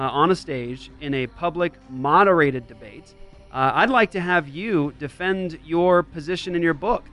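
A man hosting a show, commenting emphatically on a played interview clip, with wide swings in pitch and loudness. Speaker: podcast host.

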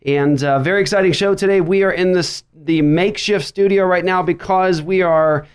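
A man hosting a Christian radio talk show from a makeshift studio, upbeat with quick banter. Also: high-pitched, smooth. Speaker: podcast host. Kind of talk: casual radio show chat. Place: makeshift studio writers' room.

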